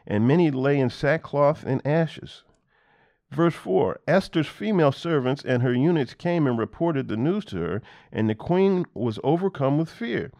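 A man's voice: mid-range voice, darkish tone. Man reading and explaining scripture. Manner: reads verses then retells them in plain everyday words; hesitant, with frequent ums, uhs and restarts. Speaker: Bible teacher. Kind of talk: casual scripture reading and commentary.

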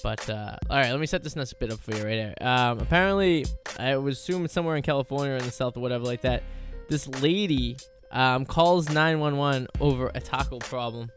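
A man's voice: mid-range voice, a little fast, hardly any pauses. A young man hosting a college radio show, talking casually and rambling with lots of fillers. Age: young adult. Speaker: radio DJ host. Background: faint music.

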